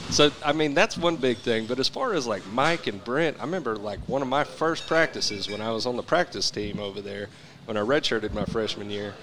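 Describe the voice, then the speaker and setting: Animated storytelling man, swearing casually. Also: medium pitch, brisk, slight background noise. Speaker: former player guest. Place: live event at a restaurant.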